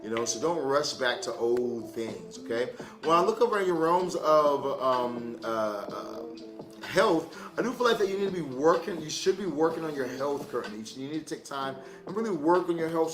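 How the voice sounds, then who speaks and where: A man giving a casual livestream tarot reading, loose and profane, joking and laughing easily. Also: medium pitch. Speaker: tarot card reader. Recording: echoey room with music.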